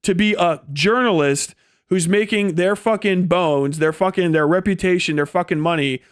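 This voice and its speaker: On a livestream, a young streamer launches into an angry political rant, swearing, mocking, and putting on sneering imitations of people. His high voice is smooth and moderately paced, recorded dry with clean studio sound.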